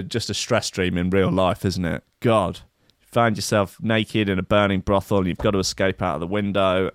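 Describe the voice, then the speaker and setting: Male podcast host with a smooth, dry voice, doing comedic news reading full of giggles. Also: lowish voice, fairly bright tone, no echo. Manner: wry, giggly, mocking asides.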